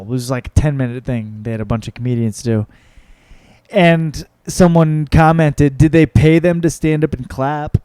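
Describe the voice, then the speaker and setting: Young male comic host, mellow tone, dry close sound, loose profane rambling. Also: on the high side, no room sound. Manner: rambling, profane, self-mocking. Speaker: podcast host and comedian. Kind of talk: casual solo podcast chat.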